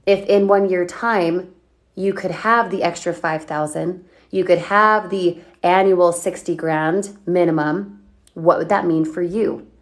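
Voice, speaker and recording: A woman coaching on a livestream, talking energetically and firing off questions at her viewers as she reads their comments. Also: lowish voice. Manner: energetic, chatty, asks rapid questions. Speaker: online business coach.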